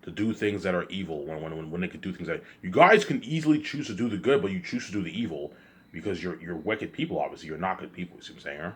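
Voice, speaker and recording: A man's voice: low-pitched, fast talker. A man delivering an agitated, repetitive, accusing rant straight to camera. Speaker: vlogger. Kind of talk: ranting monologue to camera.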